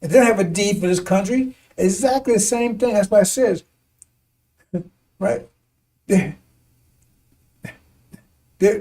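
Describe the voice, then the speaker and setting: A man's voice: high voice, mellow, recorded from a distance. A man preaching to a congregation in a rambling commentary, stumbling over and repeating words, chuckling between points and often asking "see?". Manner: chuckles between points, turns emphatic at times. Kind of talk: rambling sermon-style commentary.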